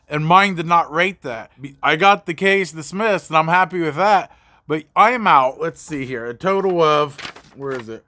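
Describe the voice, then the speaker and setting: A man's voice: fairly high pitch, no echo. A man who works as a mobile mechanic tells a story casually and with energy. He swears freely and acts out the dialogue. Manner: animated and profane, acting out dialogue.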